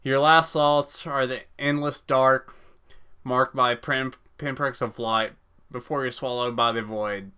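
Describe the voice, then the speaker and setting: Brief: male let's-play gamer, clear and bright, casual swearing while reading. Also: mid-range voice, fairly even intonation, unhurried. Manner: casual, swears, stumbles over words. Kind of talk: reading a text game aloud with reactions.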